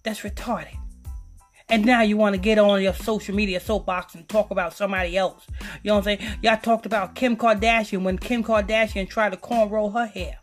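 A woman's voice: mid-range voice, brisk, faint music behind. A woman hosting a podcast, ranting in a profane, rambling, preachy way. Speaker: podcast host. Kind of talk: casual podcast rant.

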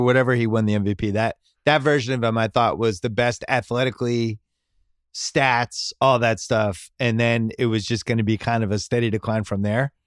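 Podcast host, man, mid pitch, opinionated casual sports talk, dry close mic. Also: dry recording. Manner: opinionated, talks through points in short bursts.

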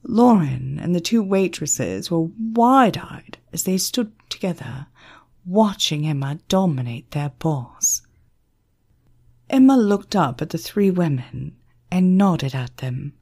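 A woman narrates an audiobook at an unhurried pace, her low voice breathy and husky. Her pitch moves a lot as she tells the scene. She reads in a lively storytelling manner. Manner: slow, expressive storytelling.

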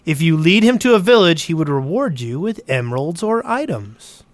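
A man's voice: a little high, sing-song, moderate pace, no room sound. A man co-hosting a casual podcast chat in a laid-back way. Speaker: podcast co-host.

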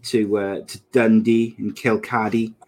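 Welsh bloke rambling on a podcast, teasing, lots of likes and ums. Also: male voice, on the low side, flat delivery, measured pace, a little mellow, slight background noise. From Wales. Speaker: podcast co-host. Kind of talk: casual chat.

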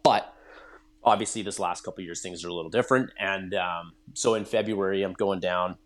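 A Canadian man, a podcast guest, telling lively stories in casual conversation. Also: sits low, brisk. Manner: storytelling, animated, laughs often.

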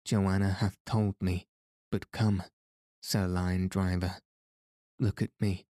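A man's voice: low-pitched, little pitch movement, takes it slowly, dark tone, dry recording, studio quality. A man reading the part of a small, bold young noblewoman who teases and coaxes in old-fashioned speech. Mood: teasing. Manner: playful, coaxing.

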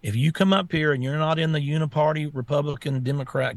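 A gravelly, fairly high-pitched man, co-hosting a political talk show. He rants bluntly and heatedly, hammering the same phrases again and again. The sound is dry and close, with no room around it. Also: fairly even intonation, brisk, hardly any pauses, dry recording. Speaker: co-host.

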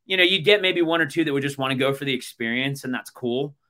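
A bright, forceful-sounding American man in his thirties chats casually as a podcast host. He tells stories at length, looping back with plenty of "um" and "like.". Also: medium pitch, fast talker. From United States. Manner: rambling storytelling full of fillers. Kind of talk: casual chat.

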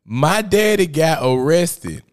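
A podcast host from Memphis, Tennessee, chatting casually and profanely at a slow pace. He tells stories in an animated, foul-mouthed way, punctuated by sudden high-pitched outbursts.

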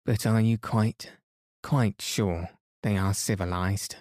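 A man's voice: on the low side, fairly even intonation, slow, darkish tone, no room sound, studio quality. A man voicing a breathless, worried young girl. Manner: worried, panting.

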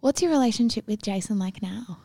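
A woman interviewer keeps the conversation going with short questions. She talks briskly, recorded dry. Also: medium pitch, vocal fry, warm tone, no room sound. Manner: brief, prompting questions.

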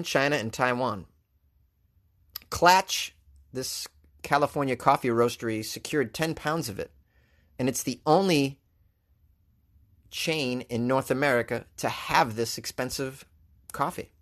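A man's voice: mid-range voice, normal speed, fairly bright tone. A man hosting a comedic news commentary, reading headlines and riffing on them sarcastically. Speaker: host.

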